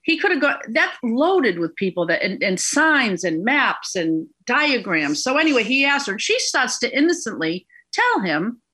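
This middle-aged Boston woman is a guest in a casual storytelling interview, recounting a court case in a chatty, digressive way and laughing at the absurdity. Her voice sits on the high side and is very animated, sharp and slightly rough. She talks at normal speed with hardly any pauses.

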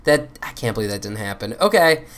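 A man's voice: lowish voice, very animated, fast talker, a bit bright. A man co-hosting a podcast, chatting casually with dry, sarcastic asides. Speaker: podcast co-host. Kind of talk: casual chat.

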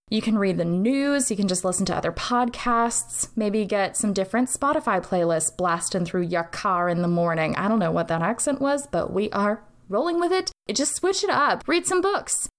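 Woman talking on her podcast, sarcastic and jokey, swears a lot, mid pitch. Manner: sarcastic, joking asides, frequent swearing. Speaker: podcast host. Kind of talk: casual solo podcast advice.

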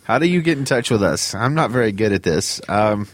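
A man's voice: on the low side, animated, fairly quick, no room sound. Dry-witted male podcast co-host. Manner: dry teasing quips. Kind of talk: casual podcast banter.

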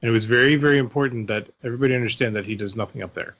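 A man co-hosts a casual podcast about a book, chiming in with brief, agreeing comments. His voice sits at an ordinary middle pitch. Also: very fast, a bit bright, dull audio. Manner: chimes in with short agreeing remarks.

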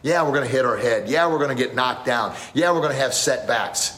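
A man's voice: mid-range voice, fairly quick. A man who teaches martial arts, giving a motivational talk on a live stream, telling stories with lots of energy and reading out viewer comments as he goes. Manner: animated storytelling, gets loud and excited acting out scenes. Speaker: martial arts instructor and podcast host.

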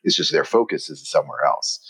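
A man's voice: very deep voice, wildly swooping pitch, a little fast, creaky, a bit bright, slightly rough, poor audio. A man talking as an interview guest in a rambling, reflective way, full of fillers and restarts. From United States. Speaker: guest, watch industry professional. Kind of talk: conversational interview.

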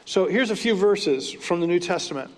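High-voiced man preaching in an echoing hall. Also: expressive, normal speed. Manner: conversational, retells scripture stories with asides. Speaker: pastor. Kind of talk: sermon. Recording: long hall reverb.

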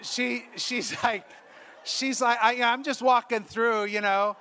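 Priest preaching, male, high and bright voice, exuberant storyteller who acts out voices, faint hiss. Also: fairly even intonation, slow. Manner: exuberant and humorous, laughing as he tells stories. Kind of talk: storytelling sermon.

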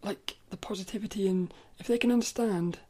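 A woman hosting a casual solo podcast, chatting playfully with many restarts and sometimes reading aloud from a children's book. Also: medium pitch. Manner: chatty and playful, with frequent self-corrections; reads quoted passages louder and slower. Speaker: podcast host.

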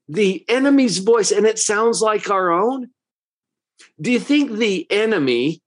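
A man who works as a psychologist giving a motivational talk, full of rhetorical questions, with a conversational and emphatic manner. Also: high voice.

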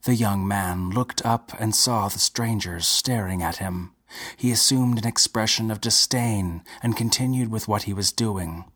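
A man reading a short story aloud in a measured, unhurried way. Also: fairly low pitch, fairly bright tone. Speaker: narrator.

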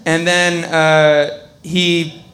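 A man with a high voice improvises an absurd story pitch live on stage. He rambles, laughs mid-sentence and slips into voices for his characters. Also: level tone, drawn-out words, a bit bright. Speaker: comedy pitch contestant. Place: comedy bar stage with audience.

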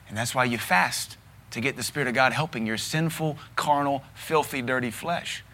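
Emphatic Southern preacher, bright voice. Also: male voice, medium pitch. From American South. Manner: blunt, emphatic preaching with repetition. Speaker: pastor. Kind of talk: sermon.

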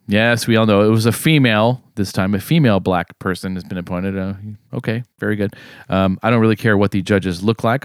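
A man with a lowish voice reads out his own sardonic commentary, wry and a little tipsy. The sound is dry and close, with no room around it. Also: no echo. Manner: wry, sardonic delivery with throat clearing. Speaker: podcast co-host. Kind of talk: casual chat and read-aloud commentary segment.

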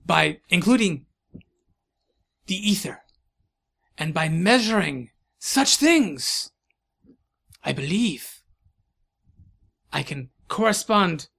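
A man voicing an eccentric, excitable scientist, full of halting "ah"s. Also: high-pitched, gravelly, voice pushed up, heavily acted.

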